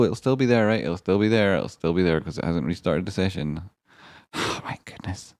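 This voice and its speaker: A man hosting a live stream in a rambling, excitable way, swearing now and then and swinging between grumbling and hype. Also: low-pitched, moderate pace, no echo, clean studio sound. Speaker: stand-in livestream host. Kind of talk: casual live-stream chat.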